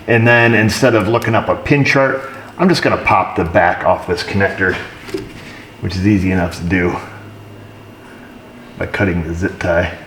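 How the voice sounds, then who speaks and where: Low-voiced mechanic in an echoing shop. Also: male voice, slight background noise. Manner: dry, joking asides to viewers while diagnosing. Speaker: auto repair technician. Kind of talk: casual narration while working on a truck. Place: auto repair shop. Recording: roomy shop echo.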